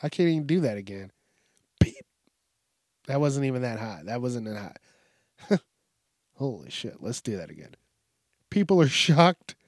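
A man's voice: medium pitch, no echo, studio quality. A man hosting a casual, profane news commentary show, rambling and laid-back as he reacts to stories. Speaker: host.

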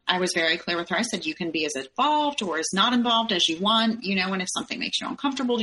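Woman, podcast guest, candid storytelling, bright forceful tone. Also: lowish voice. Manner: candid, acts out quoted dialogue in her retelling. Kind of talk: personal storytelling in an interview.

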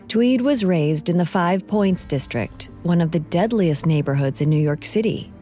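A female podcast host narrates a historical story in a measured, composed manner. Her voice is mellow and warm, with faint music at times. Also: fairly low pitch, lively intonation.

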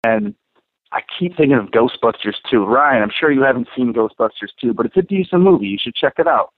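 A man's voice: mid-range voice, expressive, brisk, no room sound. Male podcast storyteller, loose and profane, on a thin phone-like line with a dead-dry sound. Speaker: podcast co-host. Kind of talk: casual storytelling.

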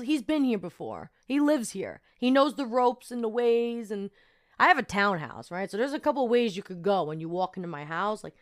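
A young woman hosting a podcast, telling a personal story in a chatty, animated way with lots of fillers. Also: mid-range voice. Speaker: podcast host. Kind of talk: casual storytelling monologue.

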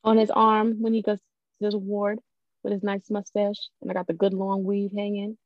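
A woman's voice: medium pitch, completely flat delivery, moderate pace, dry recording, muffled recording. A woman co-hosting a podcast in casual chat, playful and full of bold declarations. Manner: playful, declaring, laughs often. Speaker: podcast co-host.

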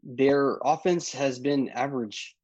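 A man co-hosting a college sports podcast, working through numbers in a measured, analytical way. His voice comes through a dull, slightly lo-fi remote mic. The sound is dry, with no room around it. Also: medium pitch, a little mellow, slightly rough, dry recording. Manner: measured, stat-heavy analysis. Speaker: podcast co-host.

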